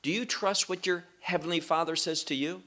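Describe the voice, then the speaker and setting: A middle-aged man giving a deliberate verse-by-verse Bible teaching, pausing on words and asking his listeners rhetorical questions. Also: on the high side, fairly even intonation, bright, forceful tone.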